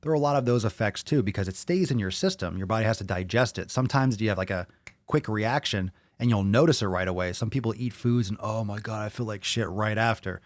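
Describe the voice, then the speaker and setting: A man's voice: lowish voice, fast, no echo, clean studio sound. A man hosting a podcast, reading viewer comments aloud and reacting to them bluntly, with a lot of swearing. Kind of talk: casual chat.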